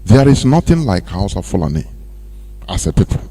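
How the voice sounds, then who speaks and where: A Nigerian man giving animated radio commentary, laughing often and slipping into Pidgin. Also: deep voice, fairly quick. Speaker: radio presenter.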